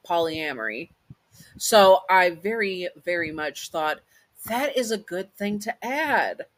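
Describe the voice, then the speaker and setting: A woman's voice: sits low, dry recording, rough recording. A woman hosting her own channel, narrating a story and then rambling chattily through her outro with many asides.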